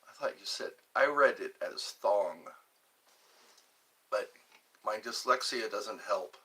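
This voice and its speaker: A man from Georgia, USA, runs a casual livestream, rambling and reading chat messages aloud while chuckling to himself. His voice sits on the low side, slow and bright, with a forceful tone and a breathy edge.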